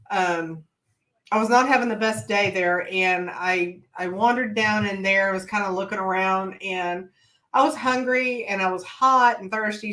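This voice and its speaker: A woman's voice: mid-range voice, fairly bright tone. A woman co-hosting a casual chat, telling rambling stories with many hesitations. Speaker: podcast co-host.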